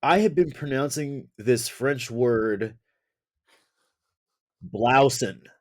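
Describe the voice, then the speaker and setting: A man's voice: a little high, animated, moderate pace, a little mellow. An American man hosting a podcast interview, teasing and joking with his guest. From United States. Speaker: podcast host. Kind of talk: casual interview chat.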